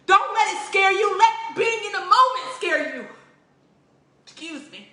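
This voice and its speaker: High, bright-voiced tearful woman pleading. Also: lively intonation, measured pace. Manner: emotional, pleading, repetitive preaching cadence. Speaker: religious vlogger. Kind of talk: impassioned spoken appeal. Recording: roomy echo.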